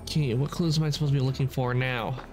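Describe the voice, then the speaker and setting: A man's voice: mid-range voice, fairly even intonation, quick pace, music in the background. A man streaming a game live, chatting casually and correcting himself as he rambles along. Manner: rambling, with frequent self-corrections. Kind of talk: casual gameplay commentary.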